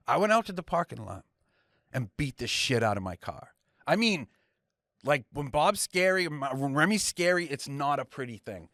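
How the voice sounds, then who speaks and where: A man's voice: medium pitch, expressive, brisk, a bit bright, no room sound, clean studio sound. A man, co-hosting a podcast, ranting heatedly and swearing a lot as he tells a story. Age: young adult. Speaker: podcast co-host. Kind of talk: casual ranting chat.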